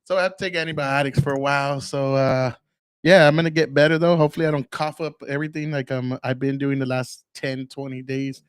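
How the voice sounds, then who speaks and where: A man's voice: medium pitch, level tone, fairly quick, clean tone, no echo, studio quality. A man in his forties hosting a casual solo podcast, rambling and swearing freely between fillers, with a lingering cough. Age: 40s. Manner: loose, profane, rambling with many fillers. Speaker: podcast host.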